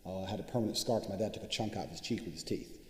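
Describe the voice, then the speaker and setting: A man giving an unscripted motivational talk as a course instructor, swearing often and boasting as he tells stories. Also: on the low side. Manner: profane, boastful, rapid storytelling. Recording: echoey room with long reverb.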